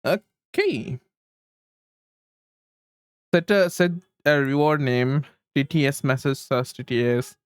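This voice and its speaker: Man on a livestream, casual rambling chat, unhurried, smooth voice, dry close sound. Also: medium pitch, no room sound. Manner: rambling, chuckles often, talks to chat while fiddling with settings.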